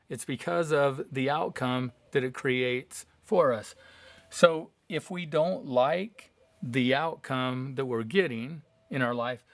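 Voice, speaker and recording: A man's voice: mid-range voice, fairly bright tone, dry recording. A middle-aged man giving an earnest motivational talk, explaining with personal stories and questions to the viewer. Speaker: life coach.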